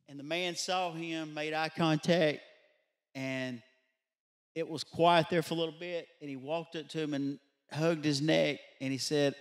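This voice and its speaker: A man's voice: a little high, fairly even intonation, normal speed. A man preaching at a midweek church Bible study, his voice sitting a little above the usual male range. He tells his story in a loose, conversational way, with fillers and restarts. He often checks in with his congregation through rhetorical questions. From Louisiana. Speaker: pastor. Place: church sanctuary.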